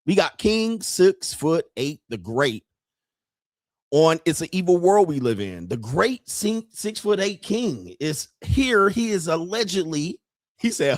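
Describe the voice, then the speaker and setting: A man hosting a commentary channel, telling jokey stories in a loud, profane, animated way. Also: fairly high pitch, a little slow, no room sound, studio quality. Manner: profane, joking, animated storytelling. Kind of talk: casual commentary.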